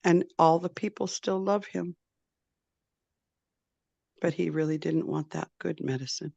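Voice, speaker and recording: A woman storyteller telling a traditional tale in a slow, deliberate, repetitive way. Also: fairly low pitch, fairly even intonation, vocal fry, mellow, husky, no room sound, lo-fi sound. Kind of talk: oral storytelling.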